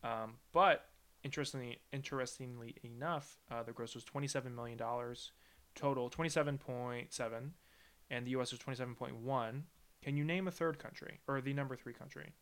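A man's voice: medium pitch, fairly even intonation, brisk, a bit bright, smooth. A man co-hosting a casual film podcast, joking and laughing often with his co-host.

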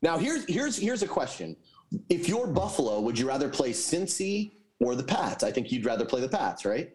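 A man's voice: medium pitch, very animated, normal speed, a little mellow. A man co-hosting a casual sports betting chat, moderating the picks with teasing asides.

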